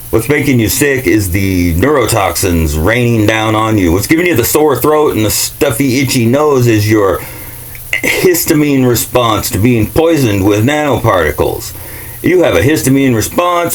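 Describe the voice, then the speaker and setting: A man's voice: medium pitch, lively intonation, moderate pace, low-quality recording. A man ranting in a casual, profane and sarcastic monologue vlog. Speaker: vlogger.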